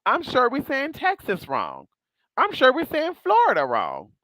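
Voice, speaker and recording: A sassy vlogger voice with a lively, swooping pitch that rises and falls all the time. The speaker talks bluntly to viewers, swears freely and calls people "girl" and "honey". The sound is close and dry, with no room echo. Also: normal speed. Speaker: spiritual vlogger. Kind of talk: casual monologue to viewers.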